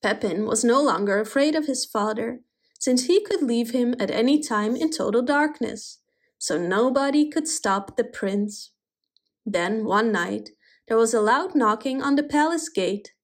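A woman reading a fairy tale aloud in an expressive, animated way. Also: fairly high pitch, measured pace. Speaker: storyteller. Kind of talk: storybook reading.

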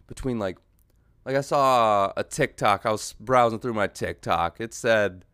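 A man hosting a solo podcast, rambling through a comedic monologue, losing his train of thought and jumping into yelled mock voices. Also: a little high, dry recording, clean studio sound. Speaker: podcast host.

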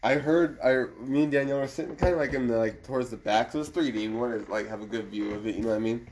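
A relaxed man chatting casually with a friend on a podcast. He talks loosely, swears freely and laughs easily. His voice sits at an ordinary middle pitch. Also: rapid-fire, a little hiss or hum. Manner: laid-back, swears often, laughs a lot. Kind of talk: casual chat.

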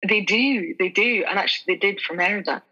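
Scottish actress, woman, husky bright voice, chatty guest, lo-fi recording. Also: medium pitch, fairly quick. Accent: Scottish, Aberdeenshire. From Scotland. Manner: chatty, many fillers and restarts. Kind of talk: casual interview chat.

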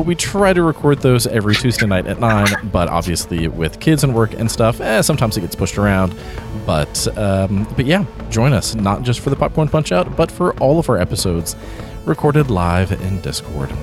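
A man's voice: on the low side, normal speed, music in the background. A man hosting a casual podcast chat, laughing often and restarting his sentences. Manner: laughing, animated, trailing restarts. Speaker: podcast host.

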